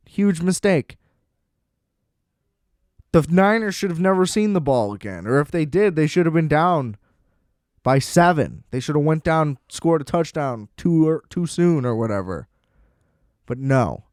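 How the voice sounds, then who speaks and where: Man, podcast host, profane sports rant, sarcastic, smooth tone, dry close sound. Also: on the high side, warm tone, dry recording. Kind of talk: ranting sports commentary.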